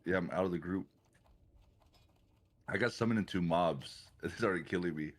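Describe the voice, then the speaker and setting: A man's voice: deep voice, normal speed. A man in voice chat with his guildmate, laid-back and joking during play. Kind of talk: casual gaming chat.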